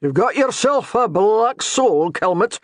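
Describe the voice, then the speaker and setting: Guy doing a dour scottish priest w/ thick brogue, needling, pitched up and louder. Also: lively intonation, slow pace, no room sound, studio quality. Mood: baiting. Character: mocking Highland priest, dour man.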